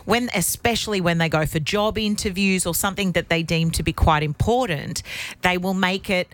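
A woman's voice: lowish voice, moderate pace, no echo. A middle-aged woman with a broad Australian accent, chatting casually as a radio host and laughing at herself. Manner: chatty, laughs often, self-mocking.

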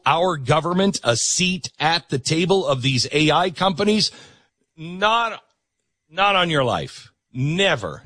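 A middle-aged man hosts a talk show and argues an opinionated political monologue, hammering points home by repeating words. His pitch swings widely as he talks, his voice has a slightly husky edge, and it sounds dry and close. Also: fairly bright tone, no room sound. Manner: emphatic, repeats words for stress.

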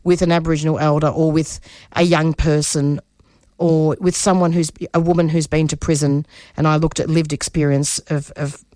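A woman's voice: sits low, darkish tone, no room sound. Middle-aged woman from Australia, passionate interview guest, restarts a lot, dry close sound. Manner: passionate, restarts often, voice rises when stirred. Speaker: community radio producer and interview guest. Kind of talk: personal interview talk.

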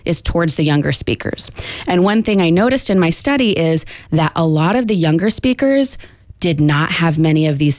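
A woman's voice: deep voice, darkish tone, dry recording, studio quality. A woman linguist, a young adult, explaining in a radio interview with frequent fillers. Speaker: linguist guest.

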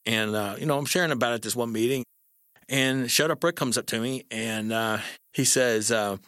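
A middle-aged man telling a personal story in a wry, conversational way, with fillers and pauses. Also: mid-range voice, fairly bright tone, soft background music.

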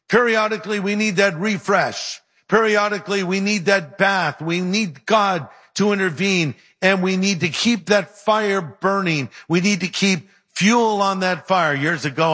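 A man from California preaching a sermon, telling stories with animated, humorous delivery. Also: high-pitched. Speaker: pastor. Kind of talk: sermon with storytelling. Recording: reverberant hall sound.

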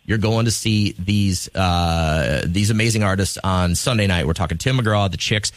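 A man's voice: deep voice, normal speed, no echo. A man hosting a morning radio show, running a call-in trivia contest in an upbeat, jokey way.

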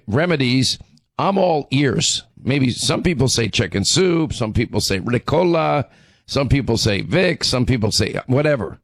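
Hoarse middle aged guy hosting talk radio, emphatic, keeps restarting, dry close mic. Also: mid-range voice, no echo. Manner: emphatic, repeats words as he restarts. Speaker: radio talk show host.

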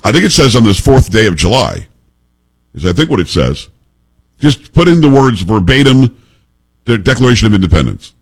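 A male talk radio host with a slightly husky voice. His pitch swings widely as he jokes and riffs with his co-hosts, and he keeps it loose and animated. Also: normal speed, long pauses, poor audio. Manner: animated, jokey, pitch jumps for emphasis. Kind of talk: casual talk radio banter.

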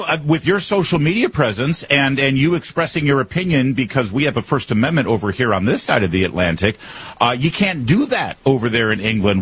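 A man hosting a talk radio show, brisk and lively, his pitch climbing when he gets worked up. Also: slightly rough, rough recording. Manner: brisk, rising pitch when excited, laughs easily.

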